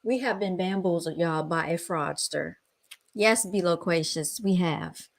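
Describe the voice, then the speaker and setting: A woman's voice: fairly low pitch, unhurried, vocal fry, low-quality recording. Woman hosting a livestream; folksy, dramatic delivery, talks straight to her viewers. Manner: dramatic, folksy, keeps addressing viewers as y'all; apologetic while fixing a fallen mic stand. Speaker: livestream host. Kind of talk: casual livestream talk to viewers. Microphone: handheld studio microphone.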